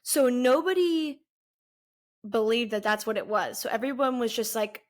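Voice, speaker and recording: Young woman in her 20s, kinda high voice, telling her story on a vlog, earnest and halting. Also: expressive. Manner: candid, earnest, halting with pauses. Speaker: vlogger. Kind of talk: personal storytelling.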